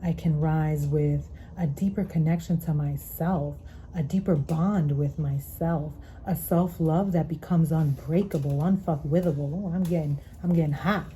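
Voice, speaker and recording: A woman's voice: low-pitched, steady tone, a little slow, mellow, a little hiss or hum, rough recording. A woman giving an earnest spiritual tarot reading, repeating her phrases, checking in with "okay?", and sighing between thoughts. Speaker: tarot reader.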